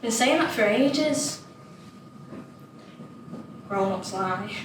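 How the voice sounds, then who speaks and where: A woman's voice: mid-range voice, lively intonation, very slow, background noise. A woman playing an imaginative, chatty young child, delivering a dramatic monologue, childlike and plain-spoken. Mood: wistful. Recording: roomy echo, distant mic, faint ambience.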